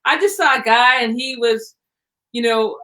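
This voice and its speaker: Bright high-voiced chatty woman. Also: unhurried. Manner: animated storyteller, many likes and restarts, laughs often. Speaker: guest. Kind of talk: casual conversational interview. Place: lives on the East Coast, away from LA.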